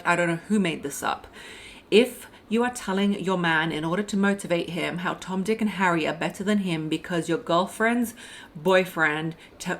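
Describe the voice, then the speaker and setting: Blunt woman giving dating advice, low voice. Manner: blunt, emphatic, addresses listeners as "my loves" and "girl". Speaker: dating coach. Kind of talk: direct advice monologue.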